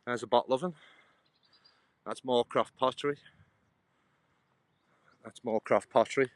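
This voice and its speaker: On a casual walking livestream, an English man rambles to viewers into his phone as he strolls an outdoor cycle path, with traffic passing. His medium-pitched voice has fairly even intonation and a measured pace, with no room sound.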